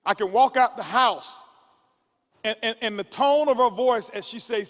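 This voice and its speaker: With a high, slightly bright voice and a measured pace, a man delivers a motivational speech to a conference crowd, tripping over repeated words as he builds like a preacher. The live event in the large hall leaves long reverb on the recording.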